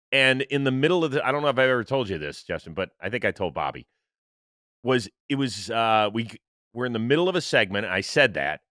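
A lively man hosting a football podcast, his bright voice swinging up and down as he rants. He talks casually and swears freely. The sound is close and dry. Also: mid-range voice, no echo. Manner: animated, profane, quick to rant. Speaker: podcast host. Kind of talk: casual sports chat.

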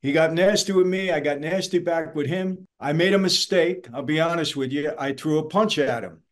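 Older guy from new york telling a story, blunt and fired up, bit high voice. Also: normal speed. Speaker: podcast co-host. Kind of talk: casual chat.

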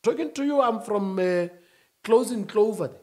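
A man speaking as a union-leader guest, emphatic, rising to shouts and then dropping low. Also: expressive, normal speed. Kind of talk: animated interview talk.

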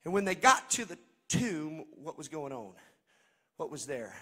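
A man preaching a sermon as pastor, swinging between shouted, sing-song passages and hushed, conversational asides. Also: a little high, sing-song, unhurried.

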